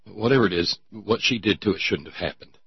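A man's voice: on the low side, brisk, vocal fry, slightly rough, dry recording. A man hosting a talk show, mocking his topics in casual sardonic commentary and reading listener notes aloud. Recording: dull lo-fi sound.

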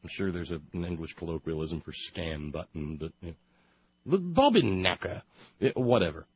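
A man's voice: rumbling low, steady tone, fairly quick, husky. A man telling a long sarcastic monologue, building to comic outbursts. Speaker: radio commentator. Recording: muffled lo-fi recording.

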